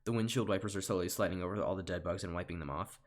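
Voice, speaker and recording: Young man, deep voice, deadpan home-recorded script read, tired. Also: rapid-fire. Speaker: online comedian. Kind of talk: comedic script reading.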